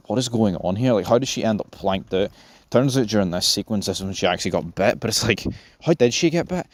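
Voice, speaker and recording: A man's voice: fairly low pitch, darkish tone, no echo. Sweary guy reviewing a film. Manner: rambling, sweary, offhand. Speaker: movie reviewer. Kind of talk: casual spoken film review.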